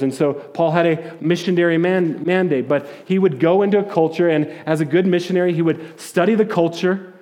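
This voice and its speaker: Pastor preaching with stumbling restarts. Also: male voice, on the high side, steady tone, normal speed, darkish tone. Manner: conversational preaching with frequent stammered restarts; storytelling, acting out voices in quotes. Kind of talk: sermon.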